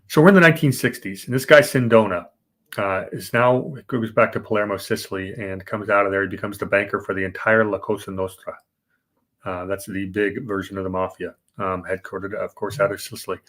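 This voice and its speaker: Low-voiced man explaining history casually. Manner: conversational, explanatory with frequent fillers and restarts. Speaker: podcast host. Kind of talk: casual history podcast chat. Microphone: remote podcast setup.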